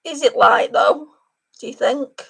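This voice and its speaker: A woman, her voice sitting a little high. She chats casually and warmly to her viewers by name while applying eyeshadow on a live stream. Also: a little slow, vocal fry, breathy edge. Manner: chatty, talks to viewers by name. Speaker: beauty livestream host. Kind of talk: casual makeup livestream chat.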